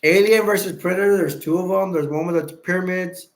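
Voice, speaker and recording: Speaking briskly in a high voice, a man runs a casual livestream chat. He laughs easily, rambles in a playful way, and reads out comments from his viewers.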